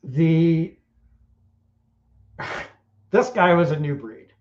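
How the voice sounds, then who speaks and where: A man's voice: a little high, lively intonation, very slow, a little mellow. A middle-aged Welsh man hosting a podcast in casual chat, blunt and crude, rambling with many fillers. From Wales. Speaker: podcast host. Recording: roomy, dull lo-fi sound.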